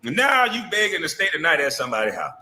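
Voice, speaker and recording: A man hosting a heated, taunting casual rant, mocking someone with quick impressions. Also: on the high side, huge pitch swings, sharp tone, a little hiss or hum. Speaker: show host.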